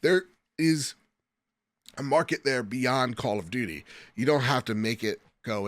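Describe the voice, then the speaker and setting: A man's voice: medium pitch, unhurried, dry recording. A man co-hosting a casual gaming podcast, joking around and reading out listener mail, with a slight lisp. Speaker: podcast co-host.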